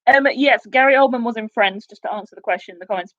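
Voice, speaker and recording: A woman in her twenties hosting a casual live quiz, chatty and excitable, with quick asides. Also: on the high side, highs cut off. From United Kingdom. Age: 20s. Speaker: quiz host.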